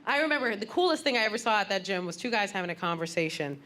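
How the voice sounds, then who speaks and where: On a comedy stage, a woman rattles through a stand-up set in a mid-range voice with lively intonation, telling punchy stories and doing other people's voices. It's a live club recording, with the crowd audible, laughter and room noise all around.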